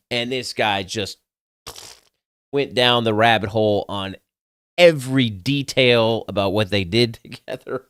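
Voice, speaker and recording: A man's voice: medium pitch, a little slow, a bit bright, clean tone, no echo, clean studio sound. A young adult man, casually telling a personal story in a candid, crude, self-mocking way, swearing freely. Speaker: podcast host.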